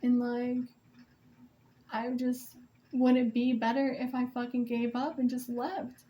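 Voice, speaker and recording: A woman's voice: a little high, flat delivery, measured pace, warm tone. A young mother venting about co-parenting in a casual vlog, emotional and rambling, swearing often and restarting her sentences, while she paints.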